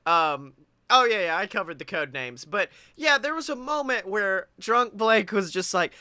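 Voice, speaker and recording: A man co-hosting a podcast, telling animated stories in casual chat and acting out what others said. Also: sits high, normal speed, clean tone, no room sound, clean studio sound. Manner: animated storyteller, acts out quotes, laughs often. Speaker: podcast co-host.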